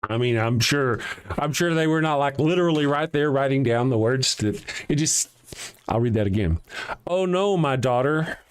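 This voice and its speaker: A man's voice: mid-range voice, moderate pace, clean tone. A man hosting a live stream, reading scripture aloud and breaking off into sarcastic, mocking asides. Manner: sarcastic, mocking asides with a lively swooping delivery. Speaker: host.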